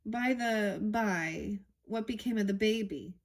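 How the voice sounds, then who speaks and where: A sly, teasing male cat from a storybook, read aloud by a woman. The voice stays close to an everyday reading voice, at a middling pitch, unhurried and dry in its logic.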